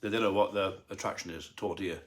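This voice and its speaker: This is a middle-aged man, a farmer running his own channel, doing a casual live-stream chat at home in his lounge. He rambles and teases drily, in a low-pitched, steady voice delivered rapid-fire.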